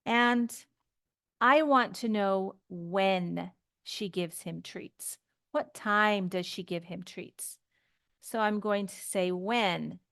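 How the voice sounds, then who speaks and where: A woman's voice: medium pitch, takes it slowly, fairly bright tone, clear, resonant tone, dry recording, studio quality. A woman teaching English grammar, explaining patiently step by step with example sentences. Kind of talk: slow grammar lesson.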